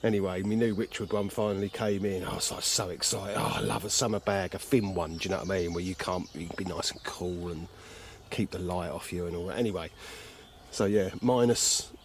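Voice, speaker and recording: Low-pitched and a little fast, this man keeps his intonation fairly even while a bit of hiss or hum runs in the background. As he carp fishes by a lake, he films a casual vlog on a handheld camcorder, joking around and mocking himself.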